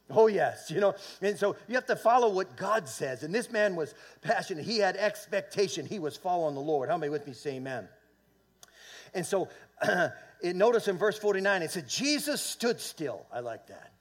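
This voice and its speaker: A man preaching a church sermon, rising into loud fervent swells and calling for amens, often repeating and restarting words. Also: high-pitched. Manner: fervent preaching with swells of volume and call-and-response. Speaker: pastor. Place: church sanctuary.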